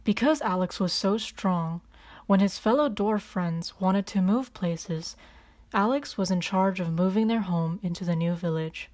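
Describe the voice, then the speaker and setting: Calm woman reading a storybook aloud. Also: mid-range voice, unhurried.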